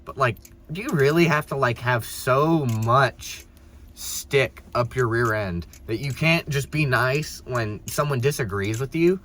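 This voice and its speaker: Young man, rambling car vlog storyteller, mid pitch, noisy background. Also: a little slow, a bit bright. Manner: rambling, many restarts and fillers, exasperated. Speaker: vlogger telling a story.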